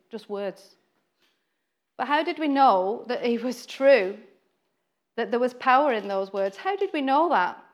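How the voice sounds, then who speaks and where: Brit woman preacher, conversational delivery, acts out voices, slightly high voice. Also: lively intonation, normal speed, long pauses. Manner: chatty, acts out quoted voices, laughs often. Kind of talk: informal sermon.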